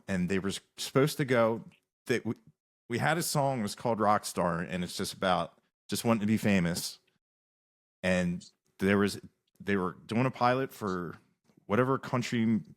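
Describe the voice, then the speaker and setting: A man, a musician guest on a podcast, telling rambling stories in casual interview talk with many restarts. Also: lowish voice.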